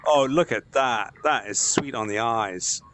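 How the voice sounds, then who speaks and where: An excitable man talks through a space game as he plays it, his words coming out breathless and overexcited. He swears and laughs freely between lines of live commentary. Faint noise sits behind his voice. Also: medium pitch, a little slow. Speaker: gamer playing a space game. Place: at home wearing a VR headset.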